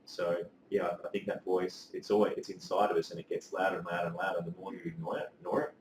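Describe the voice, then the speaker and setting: A man, telling his story as a life coach in a casual interview, earnest and animated, with casual swearing. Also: sits low, quick pace, noisy background. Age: 30s. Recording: echoey room, mic at a distance.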